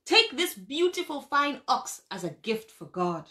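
Woman voicing a male farmer, kindly, earnest, apologetic, pleading, slow, storybook tale. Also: sits high, big pitch swings, a bit bright, exaggerated voice.

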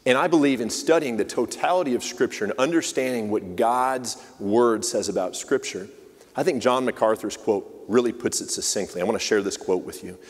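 A man's voice: on the low side, husky, long reverb tail. A man preaching a sermon in a church, talking in a conversational way and putting questions to the congregation. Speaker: church leader giving the message. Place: church sanctuary.

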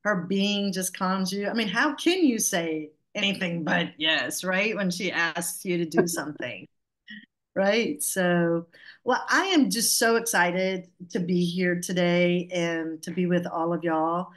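A woman's voice: lowish voice, measured pace, fairly bright tone. A middle-aged woman with a Southern US accent from Georgia, presenting on a webinar over a video call in a chatty, playful, self-joking way. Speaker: guest speaker.

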